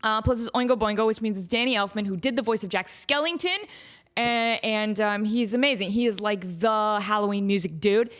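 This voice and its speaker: A woman hosting a casual solo podcast, excitable and rambling, who keeps breaking into sung snippets and laughter. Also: medium pitch, fairly quick. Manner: talks to her cat. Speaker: podcast host.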